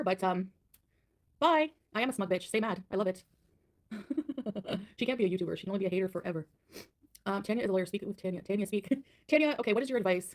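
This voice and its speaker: Woman, livestream rant, defiant and mocking, rapid-fire delivery. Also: mid-range voice.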